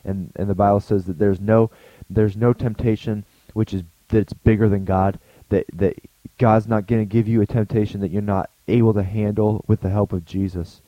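A man's voice: on the low side, flat delivery, moderate pace, dry recording, muffled recording. A man giving a short, earnest daily devotional talk as a pastor, speaking conversationally and often restarting his sentences.

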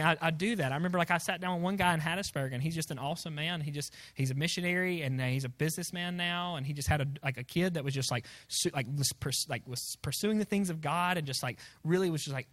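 A man's voice: a little high, fast talker, few pauses, fairly bright tone. A young man preaching to students, rambling and self-deprecating, full of fillers. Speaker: youth pastor. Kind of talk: sermon to students.

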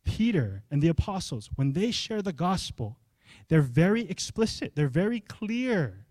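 A young adult male pastor, preaching a sermon in an animated, conversational way and asking the congregation questions. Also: a little high, a little slow, no echo, studio quality.

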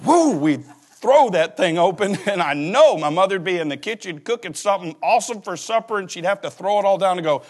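Sitting high in pitch with lively intonation and a slightly quick pace, this forties-aged pastor preaches a funny sermon. He plays out small scenes and characters' voices while laughing along.

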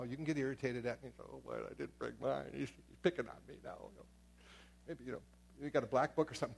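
A man's voice: medium pitch, darkish tone, a little hiss or hum. A middle-aged man preaching a sermon as pastor in a church, talking in a conversational way with many asides and repeated words. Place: church sanctuary.

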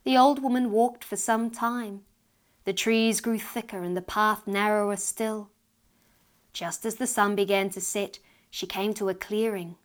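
A woman's voice: mid-range voice, measured pace. Woman reading a fairy tale aloud. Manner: lively, expressive reading that rises with tension. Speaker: storyteller. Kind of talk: storybook narration read aloud.

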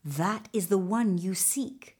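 A woman voicing a wise magical male talking horse in a storybook reading, speaking calmly and reassuringly. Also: mid-range voice, slow pace. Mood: calm guiding.

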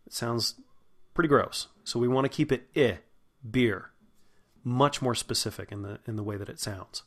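A man giving a spoken lesson on English vowels, patiently demonstrating each sound and stretching words slowly. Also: medium pitch, fairly bright tone. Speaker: voice and diction teacher.

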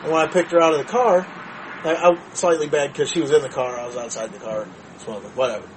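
Profane, animated man telling a story. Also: a little high, fast, noisy background. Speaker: podcast co-host. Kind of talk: casual storytelling chat.

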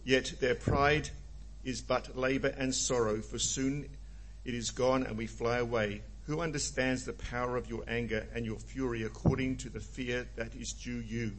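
A man in his seventies reading scripture aloud, halting and apologetic. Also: medium pitch, steady tone, fairly bright tone, a little hiss or hum, poor audio. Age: 70s. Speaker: scripture reader.

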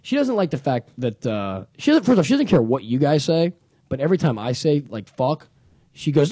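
A man's voice: mid-range voice, expressive, fairly quick, warm tone, dry recording. A man co-hosting a casual comedy talk show, rambling and laughing often. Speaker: radio show co-host. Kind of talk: casual banter.

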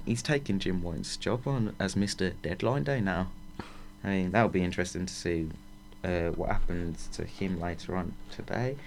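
A man's voice: sits low, normal speed, slight background noise. A man co-hosting a casual football chat, laughing often and stumbling over words when reading aloud. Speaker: football podcast co-host.

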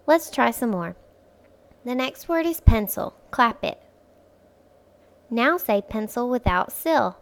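A woman hosting a phonics lesson for young children, speaking clearly and patiently, stretching words out syllable by syllable and encouraging the listener. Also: fairly high pitch, animated, takes it slowly, long pauses. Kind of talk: slow, clear instructional speech for young children.

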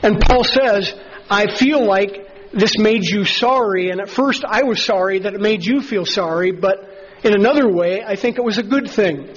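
A man preaching a sermon as pastor, earnest and measured, slowing down to stress key phrases. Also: sits high, breathy edge, muffled recording.

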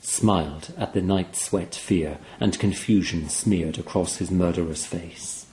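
A man reading a horror story aloud in a grave, hushed, measured way. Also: low-pitched, a little hiss or hum. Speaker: narrator.

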